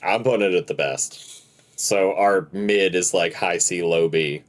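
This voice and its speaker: A man's voice: deep voice, measured pace. Laughing man telling a road story. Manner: laughs through his own stories, animated retelling. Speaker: podcast co-host. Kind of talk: casual chat, storytelling.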